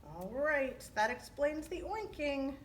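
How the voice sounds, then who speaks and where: A woman reading a story aloud to children as a librarian, animated, often pausing to ask them questions. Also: sits high, slight background noise.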